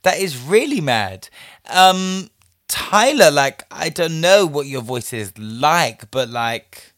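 A man's voice: a little high, big pitch swings, slow, a bit bright, no room sound, studio quality. A man giving chatty, sassy commentary on a listener's story, peppering his talk with "like" and frequent laughs. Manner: chatty and sassy, heavy use of "like", laughs often. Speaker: host answering a listener story. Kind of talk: casual commentary.

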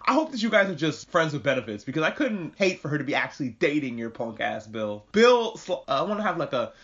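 A man from New York hosting a casual podcast recap, with profane, animated, rambling commentary. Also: a little high, fairly quick. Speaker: podcast host. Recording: muffled lo-fi recording.

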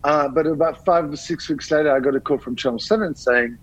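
A man's voice: a little high, fairly quick, slightly rough, rough recording. A middle-aged man with a French accent, a guest chef chatting in an interview and telling stories with repeated words as he searches for them. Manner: animated storyteller, repeats words while searching. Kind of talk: casual interview conversation.

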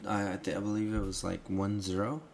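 A man's voice: sits low, flat delivery, quick pace, gravelly, darkish tone, slight background noise. A man in casual conversation explaining soccer rules, rambling and restarting phrases, with emphatic bursts. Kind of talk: casual chat.

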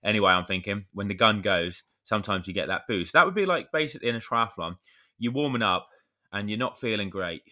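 A man in his thirties with a low voice that still sounds bright and forceful. He co-hosts a podcast in casual chat. He tells long, rambling stories with mild swearing. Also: a little fast. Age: 30s. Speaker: podcast co-host.

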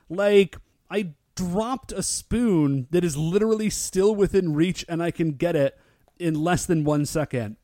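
A male podcast co-host in a casual recap chat, excitable and full of "like" fillers. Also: high-pitched, unhurried, dry recording, clean studio sound. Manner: excitable, filler-heavy with lots of "like".

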